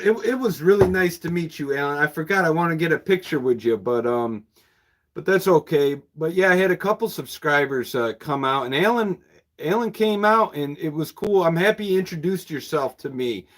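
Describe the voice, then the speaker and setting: A used-bookshop owner chats casually with viewers on a livestream, rambling along and chuckling often. His voice is fairly high.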